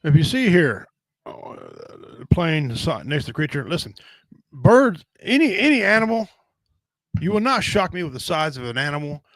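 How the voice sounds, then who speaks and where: A man's voice: on the high side, huge pitch swings, normal speed, fairly bright tone, no echo, rough recording. A middle-aged man hosting a casual podcast chat, talking in a blunt, rambling, folksy way with casual swearing. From Native American.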